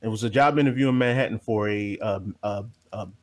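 A man from New Jersey co-hosting a podcast, telling stories animatedly, laughing loudly and swearing freely. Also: fairly low pitch, a little fast. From New Jersey, USA. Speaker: podcast co-host. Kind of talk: casual podcast banter, storytelling.

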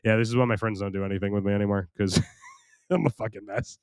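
Speaking fast in a low, steady voice that's a little mellow, clear and resonant, the young American podcast host goes it alone. He's rambling, crude and self-deprecating, with many restarts and a voice worn and strained from recording. Clean studio audio, no room sound.

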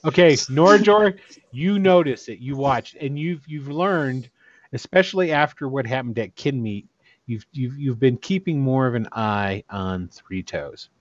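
A man's voice: mid-range voice, animated, measured pace, no echo, highs cut off. A man running a tabletop game as game master, narrating in a loose, casual way.

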